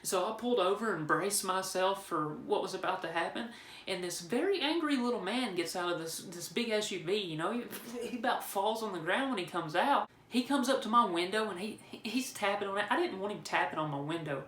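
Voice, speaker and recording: A man's voice: high-pitched, expressive, fairly quick, a bit bright. Man, casual storytelling, rambling and joking, roomy echoey room. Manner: rambling, joking, with frequent restarts. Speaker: vlogger telling a personal story. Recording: roomy echo.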